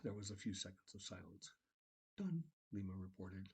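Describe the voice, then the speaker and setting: A man's voice: low-pitched, completely flat delivery, a little fast, vocal fry, darkish tone, slightly rough. A man reading an audiobook as narrator, telling the story in a matter-of-fact way.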